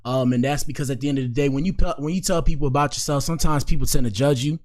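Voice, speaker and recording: A streamer hosting a live stream gives casual commentary in a racing, slightly mellow mid-range voice. He rambles and uses lots of slang and fillers.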